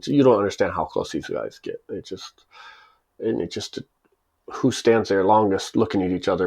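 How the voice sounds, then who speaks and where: Lowish-voiced man, chuckling storyteller. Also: vocal fry. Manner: chuckles as he tells it and acts out the people in the story. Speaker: channel host telling a personal story. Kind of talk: casual spoken anecdote.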